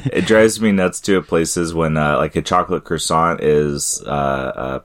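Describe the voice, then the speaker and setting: Deep-voiced man in relaxed podcast chat. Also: unhurried. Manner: relaxed, chatty, laughing often. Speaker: podcast co-host. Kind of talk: casual chat.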